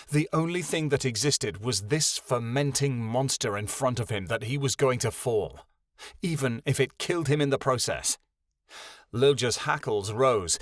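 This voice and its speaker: A man narrating a fantasy audiobook in a measured, dramatic storytelling way, close to the mic. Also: medium pitch, no room sound. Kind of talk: scripted narration.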